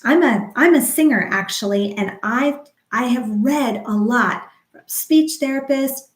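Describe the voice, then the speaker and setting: Encouraging woman leading slow speech drills. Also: on the high side, reverberant. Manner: encouraging, slow rhythmic modeling of phrases. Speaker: speech therapy livestream host. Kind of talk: live speech exercise class.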